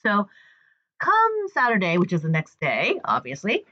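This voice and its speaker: A woman's voice: medium pitch, wildly swooping pitch, a little slow. A woman telling a personal story in a chatty way, with fillers and acted-out dialogue. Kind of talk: personal story told to camera. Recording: dull lo-fi recording.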